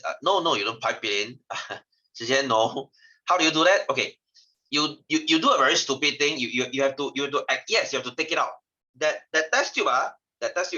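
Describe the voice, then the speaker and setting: A man's voice: medium pitch, pushed and bright. A man with a Singaporean English accent teaching a science class over a video call, chatty and teasing his students, often ending sentences with "lah". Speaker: science tutor. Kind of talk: online class lesson. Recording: dull lo-fi video call audio.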